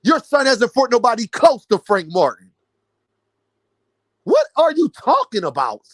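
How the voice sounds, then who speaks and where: High-pitched man ranting about boxing. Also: wildly swooping pitch, measured pace, dry recording. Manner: incredulous, mocking, addresses viewers as y'all. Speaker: boxing commentary vlogger. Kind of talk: animated boxing rant.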